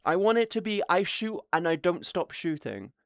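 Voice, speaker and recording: Excitable woman streamer. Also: fairly low pitch, moderate pace, no room sound, studio quality. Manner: excitable, swears a lot, laughs mid-sentence. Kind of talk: casual livestream storytelling.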